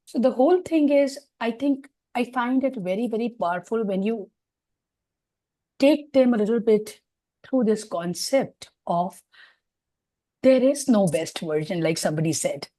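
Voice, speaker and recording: A woman's voice: a little high, a little slow, warm tone, dry recording. A woman leadership coach sharing her view in an online group discussion, earnest and hesitant with many fillers.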